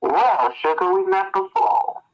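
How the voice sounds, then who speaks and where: A man plays a guarded woman in a tavern who brushes people off with smooth, cool politeness. His voice stays fairly low, and the audio sounds dull and lo-fi. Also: wildly swooping pitch, measured pace, faint music behind, exaggerated voice. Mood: polite.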